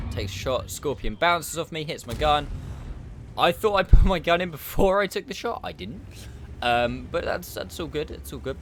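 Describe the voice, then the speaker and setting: A man's voice: medium pitch, a bit bright, a little hiss or hum. A man giving chatty, upbeat and self-mocking commentary over his own game footage as a gaming YouTuber. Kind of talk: gameplay commentary.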